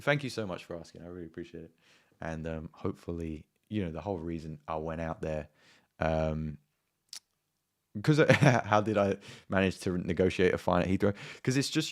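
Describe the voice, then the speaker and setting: Young man, very low voice, rambling, laughs often, casual storytelling. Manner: rambling, laughing, acts out his own raised voice in quotes. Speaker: music producer and channel host.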